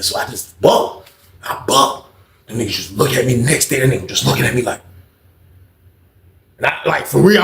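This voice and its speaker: A man telling a profane personal story in an animated way, acting out the scenes. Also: mid-range voice, fast, gravelly. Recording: roomy echo.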